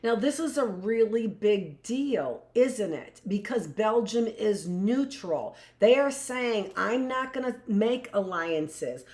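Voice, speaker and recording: A woman teacher talks her way through a live history lesson at an unhurried pace. She fires off questions to students who aren't there and answers them herself, with jokey asides along the way. Her voice bounces around an echoey room. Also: medium pitch, expressive, a little mellow.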